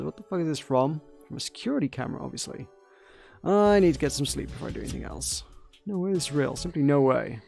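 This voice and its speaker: Man, uneasy forum poster; gravelly, music under. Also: a little high, darkish tone.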